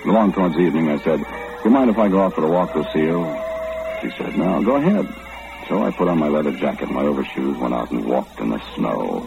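An actor in an old-time radio drama playing an easygoing working man who tells his story in a folksy, relaxed way. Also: extremely low pitch, fast, creaky, over loud music, full character voice. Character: easygoing middle-aged working man narrating his tale. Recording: dull lo-fi old radio recording with hiss.

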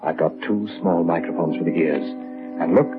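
A man's voice: low voice, moderate pace, over music, close to an everyday voice. An actor playing a curt, secretive young inventor obsessed with his work, in 1940s radio acting. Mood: eager. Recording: muffled old radio broadcast.

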